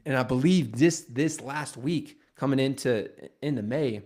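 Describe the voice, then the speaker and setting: A man's voice: mid-range voice, a little slow, darkish tone. A man leading a real estate team, talking casually on a livestream and retelling stories with joking asides and quoted dialogue.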